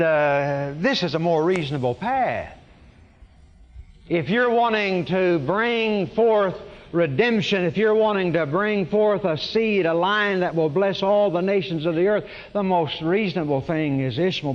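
A man's voice: fairly high pitch, long reverb tail, lo-fi sound. A man preaching a sermon, telling the story conversationally with wry humor and frequent restarts. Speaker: pastor.

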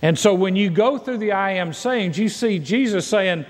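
A man's voice: high-pitched, lively intonation, normal speed, hardly any pauses, long reverb tail. A man preaching a sermon as pastor, reading and paraphrasing scripture with emphatic delivery.

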